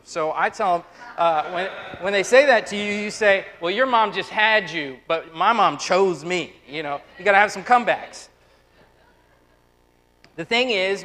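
A man in his thirties preaching a lively, conversational sermon, acting out quotes and turning quiet and tender at personal moments. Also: sits high, poor audio. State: close to tears. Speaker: pastor.

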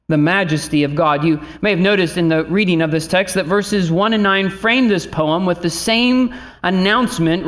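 A pastor with a fairly high voice delivers his sermon in earnest, steady teaching that swells into emphatic declarations. He slips easily into loose, chatty asides before returning to the text.

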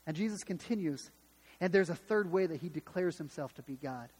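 A man's voice: a little high, lively intonation, brisk, a little mellow, husky, big-room sound. A man preaching a sermon, emphatic and dramatic, retelling scripture with repeated restarts. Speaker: pastor.

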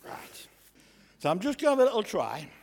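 Brief: man doing a cocky young lad, raspy and high, lively, echoey church hall. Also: a little fast, exaggerated voice. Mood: cheeky. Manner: chatty, jokey, asides to the congregation. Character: cheeky young shepherd lad, boastful and comic. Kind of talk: comic storytelling sketch in church.

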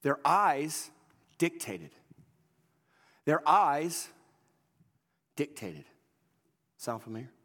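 A man's voice: a little high, sing-song, drawn-out words, pauses often, a bit bright. A man preaching a sermon in an emphatic, folksy, repetitive way. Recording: long hall reverb.

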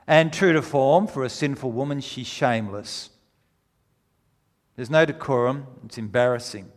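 Animated preacher in a reverberant hall. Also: male voice, mid-range voice, moderate pace. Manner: animated storytelling, rises to near-shouting when retelling. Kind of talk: sermon.

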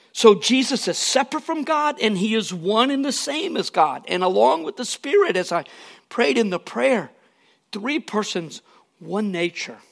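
A man's voice: high-pitched, gravelly. A man preaching a sermon in an earnest, emphatic way, with casual asides to the congregation. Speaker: pastor.

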